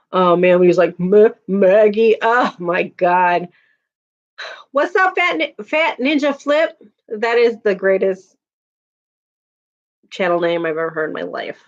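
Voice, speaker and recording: A woman's voice: on the low side, vocal fry. Chatty woman streaming, dull lo-fi sound. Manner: chatty, laughing, reacting to viewer comments. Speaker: live streamer. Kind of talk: casual live-stream chat.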